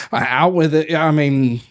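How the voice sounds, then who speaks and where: A man's voice: on the high side, no echo, studio quality. A man co-hosting a podcast, telling a story in casual chat and laughing often. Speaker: podcast co-host.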